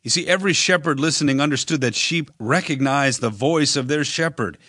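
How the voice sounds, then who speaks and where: Male preacher, bright tone, dry close sound, earnest direct delivery with slow emphatic phrasing. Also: a little high, dry recording. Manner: direct address to listener. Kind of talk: sermon.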